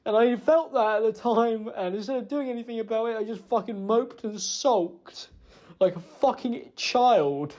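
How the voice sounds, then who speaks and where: A man's voice: sits high, darkish tone, highs cut off. A man in a played message, rambling through an emotional apology and blaming himself. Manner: halting, self-reproaching, rambling.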